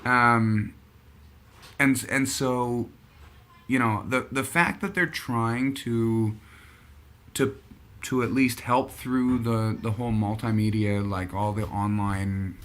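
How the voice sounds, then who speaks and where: A man's voice: mid-range voice, slow, a bit bright. A man hosting a casual chat show, rambling and thinking aloud as he talks. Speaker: podcast host.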